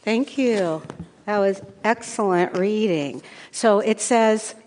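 A woman pastor giving a children's sermon, gently asking the kids questions. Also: medium pitch, takes it slowly, slight background noise. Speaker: pastor leading a children's message. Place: church sanctuary. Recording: long church reverb.

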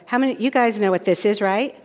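A woman pastor giving a children's sermon, gently asking the kids questions. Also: mid-range voice, fast talker. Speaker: pastor leading a children's message. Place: church sanctuary. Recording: long church reverb.

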